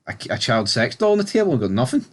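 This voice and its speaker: A man talks through a TV episode on a casual review podcast. His voice sits at an ordinary middle pitch, and his delivery is laid-back, with sweary asides. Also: big pitch swings, fast. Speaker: podcast co-host.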